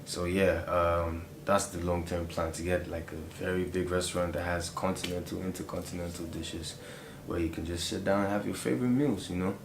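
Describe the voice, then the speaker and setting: A young man with a Nigerian accent and a very low voice talks easily in an interview, laughing often and leaning on fillers. The room is echoey, with a faint hum behind him. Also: little pitch movement, a little fast, vocal fry, few pauses. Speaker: interview guest. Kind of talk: casual interview chat. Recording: roomy echo.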